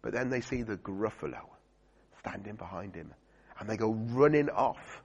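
A man's voice: fairly low pitch, lively intonation, moderate pace, husky. A man preaching a sermon to a congregation, chatty, with fillers and questions to the listeners. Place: church. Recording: dull lo-fi recording in a reverberant church hall.

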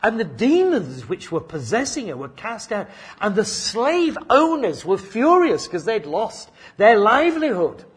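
A man's voice: high-pitched, wildly swooping pitch, measured pace, slightly rough. An older man preaching a sermon in a chatty, anecdotal way, full of asides and self-corrections.

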